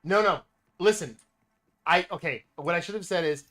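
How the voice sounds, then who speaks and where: A man's voice: on the high side, moderate pace, fairly bright tone. A man livestreaming a game, telling a story in a rambling, self-interrupting way and swearing casually. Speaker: livestreaming gamer. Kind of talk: casual storytelling while gaming.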